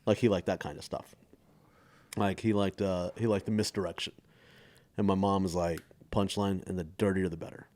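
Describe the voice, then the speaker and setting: A man in his forties, a stand-up comedian guest telling family stories in an animated, casual way and acting out the voices. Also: sits low, normal speed. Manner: animated, acts out voices in anecdotes. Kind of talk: casual storytelling chat.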